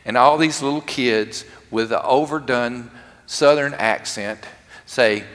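A man preaching a lively, conversational sermon to his congregation, acting out quotes along the way. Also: medium pitch, slow pace. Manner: animated, conversational, acts out quotes. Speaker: pastor. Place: church sanctuary. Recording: long reverb of a large church hall.

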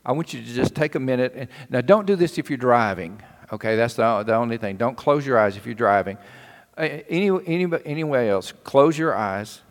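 A man preaching a sermon in a folksy, earnest storytelling way. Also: medium pitch. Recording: long hall reverb.

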